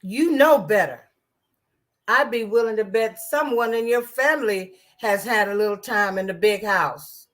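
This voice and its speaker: A woman's voice: mid-range voice, steady tone, moderate pace, few pauses, fairly bright tone. A woman giving casual political commentary in a sarcastic, rambling way, with many restarts and asides.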